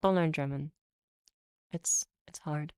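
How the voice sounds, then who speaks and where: A European woman with a notably low voice talks to her stream chat in a loose, rambling way. She laughs often and stumbles into restarts, and the sound is dry and close, with no room around it. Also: steady tone, takes it slowly, a little mellow, clean tone, dry recording. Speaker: VTuber streamer. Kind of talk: casual chat reading viewer comments.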